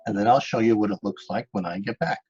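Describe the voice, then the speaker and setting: A man's voice: lowish voice, quick pace, a little mellow, dull audio, soft background music. Patient man teaching kids a craft. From Staten Island, New York. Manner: patient, step-by-step, talks directly to kids. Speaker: art teacher. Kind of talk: online children's craft lesson.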